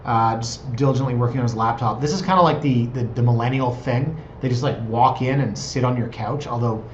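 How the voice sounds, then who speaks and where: A Canadian real estate agent in his thirties vlogs from his office, his medium-pitched voice a little fast. He talks casually, chatting, digressing, and poking fun at himself, and the muffled, reverberant recording has slight background noise.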